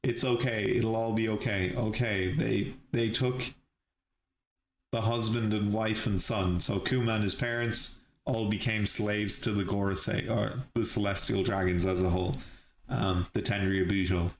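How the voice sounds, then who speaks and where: Low-voiced man recapping an episode in an echoey room. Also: steady tone, unhurried. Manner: thinks aloud with restarts and laughs. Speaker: channel host reviewing episodes. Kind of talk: live reaction and recap. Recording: echoey room with faint hiss.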